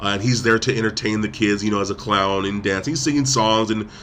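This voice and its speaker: A man's voice: lowish voice, steady tone, fast talker, fairly bright tone. Guy on a podcast rambling through a movie plot, lots of uh and like, slight hiss. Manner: rambling retelling, many fillers and restarts. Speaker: podcast co-host. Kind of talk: casual film review chat.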